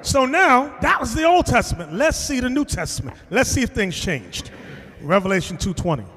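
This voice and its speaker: A man's voice: very high voice, sing-song, moderate pace, fairly bright tone, breathy edge. A man, a bishop, preaching a lesson in an emphatic, confrontational way and often raising his voice. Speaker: bishop teaching a class. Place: classroom in a large reverberant hall. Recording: long hall reverb.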